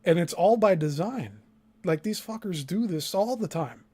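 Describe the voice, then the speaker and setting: A woman commenting slowly and deliberately on a story in casual chat. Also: fairly low pitch, animated, warm tone, breathy edge. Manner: slow, deliberate, emphatic commentary. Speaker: co-host.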